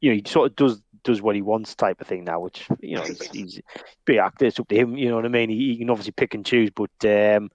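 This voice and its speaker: A podcast co-host from northern England chats casually, hesitating often, restarting his sentences and laughing. His voice is fairly low with a darkish tone and a fast delivery, recorded lo-fi with no room sound.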